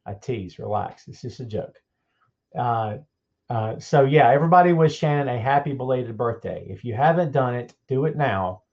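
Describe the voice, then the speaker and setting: A man's voice: fairly high pitch, dull audio. A man hosting a live podcast stream, greeting viewers by name in an upbeat, folksy, chatty way. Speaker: podcast host.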